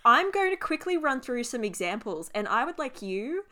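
A woman's voice: high voice, sing-song, normal speed, bright, forceful tone. An Australian woman co-hosting a podcast in casual chat, laughing often and swearing freely. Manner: laughing, swearing, quizzing her co-host. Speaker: podcast co-host.

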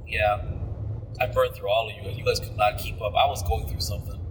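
A man's voice: lowish voice, fairly even intonation, a little fast. Teasing man arguing in a car. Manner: teasing, argumentative, rambling. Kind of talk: casual crude chat. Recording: distant mic with faint road noise.

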